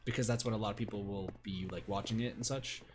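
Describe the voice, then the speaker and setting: A man's voice: fairly low pitch, steady tone, quick pace, noisy background. A man casually chatting to his viewers while streaming a video game, rambling and thanking chat by name. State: hiccups.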